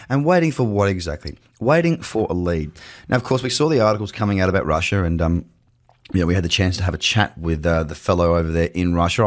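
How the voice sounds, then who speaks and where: A man with an Australian accent hosting a casual, chatty market commentary podcast from his office, with playful asides. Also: low voice. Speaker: podcast host. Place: home office. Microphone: webcam setup.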